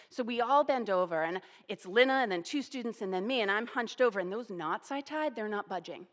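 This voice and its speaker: A woman in her forties telling a personal story, animated and self-deprecating. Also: medium pitch, brisk, few pauses, in a large hall. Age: 40s.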